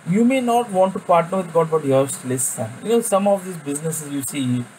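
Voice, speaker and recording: A man with a fairly high voice leads an informal Bible study in an earnest, conversational way, often repeating words as he reaches for his phrasing. A faint hum of background noise sits under his voice. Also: animated, brisk, a little mellow, rough recording. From India. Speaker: Bible teacher.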